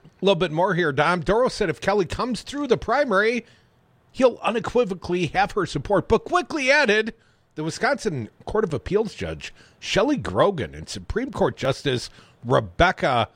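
A man's voice: sits high, fairly bright tone, breathy edge, no echo. A man hosting political talk radio, reading news and adding sarcastic, opinionated asides.

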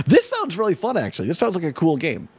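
A man hosting a casual chat show, animated, laughing often and restarting his sentences. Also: on the high side, brisk, husky. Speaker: show host.

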